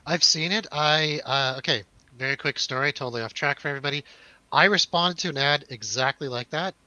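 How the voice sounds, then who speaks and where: Animated bright-voiced man telling a story. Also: on the high side, brisk, low-quality recording. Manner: animated storyteller, swearing, acts out quotes. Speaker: podcast co-host. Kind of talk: casual chat.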